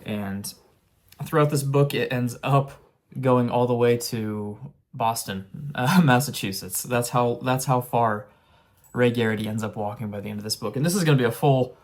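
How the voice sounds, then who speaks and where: A young man talking through a book he just finished, in a loose, conversational way. He rambles and restarts his sentences often, filling pauses with "um" and "uh", and his voice sits in an ordinary middle pitch. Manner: rambling and earnest, many fillers and restarts. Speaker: book reviewer. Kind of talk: casual spoken book review.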